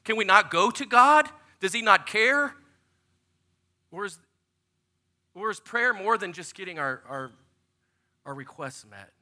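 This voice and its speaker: Male pastor, forties, high voice, sermon, animated storytelling. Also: measured pace, pauses often. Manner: animated, jokey storyteller who acts out quotes.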